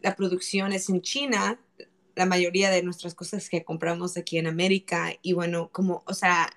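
A woman's voice: lowish voice, flat delivery, fairly quick, a bit bright. A young woman hosting a casual livestream, chatting and teasing her viewers in a joking way, slipping into Spanish slang. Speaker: livestream host.

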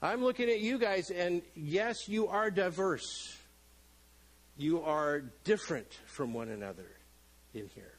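A middle-aged man preaching in a church sanctuary, his fairly high voice swinging up and down as he jokes. He acts out the people in the story with playful, animated delivery. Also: measured pace, rough recording. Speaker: pastor. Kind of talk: sermon.

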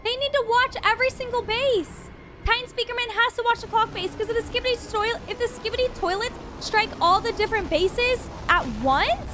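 A woman hosting a reaction video, excitable and gasping often, talking to her viewers. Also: very high-pitched, moderate pace, very noisy.

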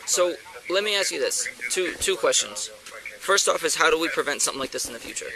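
A male police officer asks calm, measured questions at a scene. His voice is gravelly and quick. A crowd is clearly heard behind him on the body camera. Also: fairly high pitch, low-quality recording.

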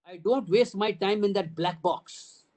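An older man with an Indian English accent addresses a room of parents, his voice pitched high. He talks emphatically, listing ideas in repeated phrases and throwing out rhetorical questions. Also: a little slow, a little mellow, poor audio. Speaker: school trust CEO addressing parents. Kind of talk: town hall address.

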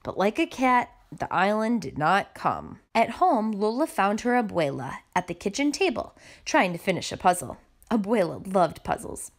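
A woman reading a children's picture book aloud with expressive narration. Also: medium pitch, normal speed. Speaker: storybook reader.

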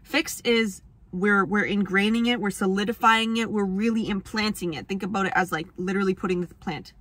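With no echo on her voice, the young astrology vlogger talks a little fast at medium pitch, her intonation fairly even and her tone a bit bright. She explains astrology to camera in a loose, rambling way, laughing often, swearing freely and making fun of herself.

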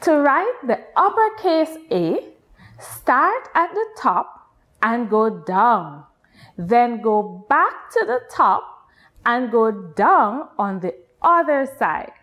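Guyanese woman, nursery teacher, very slow deliberate delivery, lively sing-song pitch, patient. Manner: patient, sing-song, drawn-out teacher talk with exaggerated rises. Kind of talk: slow, deliberate children's lesson.

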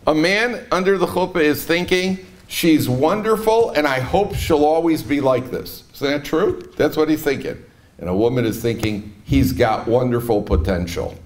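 A middle-aged man giving a humorous Torah lecture on marriage, telling stories and swinging between soft asides and emphatic peaks. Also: on the low side, a little hiss or hum. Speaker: rabbi lecturer.

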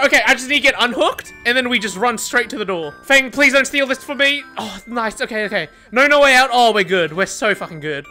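A man in his twenties commentating his own gameplay, excitable and swearing often, pleading and yelling at the game, voice going hoarse. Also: extremely high pitch, fairly quick, faint music behind. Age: 20s. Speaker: gaming YouTuber.

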